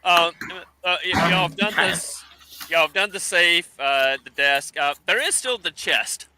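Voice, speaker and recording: A man serving as dungeon master, describing scenes haltingly as he narrates a tabletop game. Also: sits high, bright, forceful tone. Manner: halting, full of fillers and restarts while describing scenes.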